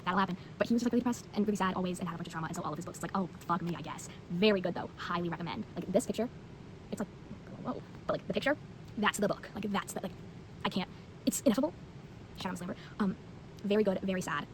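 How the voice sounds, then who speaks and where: Teenage girl, rapid talk, rambling, blunt, casual vlog chat. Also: mid-range voice, background noise. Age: teens. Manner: rambling, filler-heavy, blunt. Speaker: vlogger. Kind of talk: casual book review chat.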